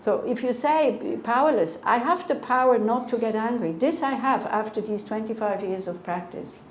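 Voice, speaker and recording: A woman's voice: a little high, normal speed. A woman in her sixties, a Buddhist teacher, giving a conversational dharma talk and answering questions with earnest rhetorical asides. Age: 60s. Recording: echoey room, faint noise.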